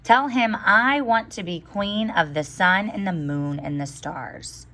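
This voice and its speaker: A woman's voice: medium pitch, slow pace, bright, forceful tone. A woman teacher voicing a greedy, demanding fisherman's wife in a storybook read-aloud, curt and commanding.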